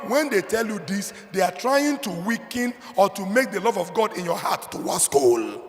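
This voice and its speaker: A Nigerian man preaches from the pulpit in a high voice. He hammers points loudly and then falls to quiet, low asides. A long reverb from the hall trails his words. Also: very animated, normal speed, few pauses. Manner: emphatic preaching, swinging between loud declarations and low asides. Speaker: pastor. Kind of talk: sermon.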